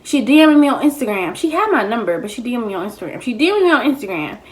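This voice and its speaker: A woman telling a casual storytime to her viewers, animated and slangy, talking straight to the camera while she eats. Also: a little high, fast. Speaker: vlogger.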